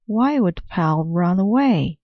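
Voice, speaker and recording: A woman reading aloud as a kind, worried young boy aardvark from a picture book, in a gentle, slow voice. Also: fairly low pitch, animated, no room sound, highs cut off. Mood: earnest.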